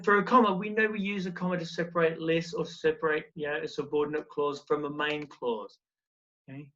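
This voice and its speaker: A fairly high-voiced man teaching a recorded primary school lesson, coaxing along with one question after another. The sound is a touch dull and lo-fi. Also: a bit bright. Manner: encouraging, explains step by step with questions.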